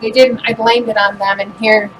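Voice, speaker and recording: A middle-aged woman talks through a home craft project in a slightly high, chatty voice, joking about herself as she works. A furnace hums clearly behind her in this noisy home recording. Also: little pitch movement, normal speed. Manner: chatty, self-deprecating, talks while working. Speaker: craft demonstrator. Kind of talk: casual craft demo chat.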